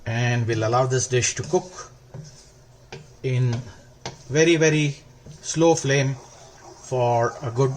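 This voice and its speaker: A man hosting a cooking demonstration, explaining each step calmly and stretching words for emphasis. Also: medium pitch, slow pace, pauses often, a little hiss or hum. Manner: calm, step-by-step instructional. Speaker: cooking channel host.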